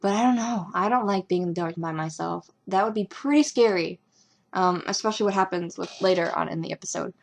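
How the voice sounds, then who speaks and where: A young woman talking casually as a fan reviewing a TV episode, rambling and excitable with lots of ums and likes. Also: fairly low pitch, brisk, gravelly. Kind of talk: casual fan reaction commentary.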